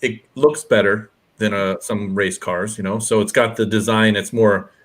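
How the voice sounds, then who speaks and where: A man's voice: on the low side, steady tone, moderate pace. A man co-hosting a casual hobby podcast who explains points at length and grumbles about fiddly builds. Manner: complaining, explanatory. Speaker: podcast co-host. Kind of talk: casual chat.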